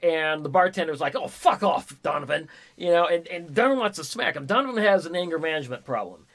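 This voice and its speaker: A man with a fairly high voice chatting about a film with friends. He gets excitable, swears freely, and breaks into loud shouts and laughter while retelling scenes. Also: quick pace. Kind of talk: casual movie review chat.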